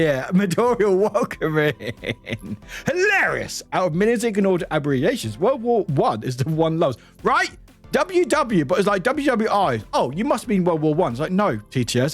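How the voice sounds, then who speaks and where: A man from the UK, a streamer chatting casually and animatedly with his live chat from home. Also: on the high side. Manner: animated, laughing, greeting chat by name. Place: home room.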